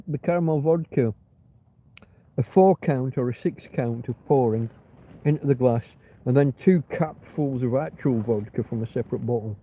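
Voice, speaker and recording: Rambling man on a tinny livestream. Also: fairly high pitch. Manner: rambling, swears a lot, reads chat aloud. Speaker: livestream host. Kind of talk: casual livestream chat. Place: in bed in a van or caravan. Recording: tinny phone-like sound.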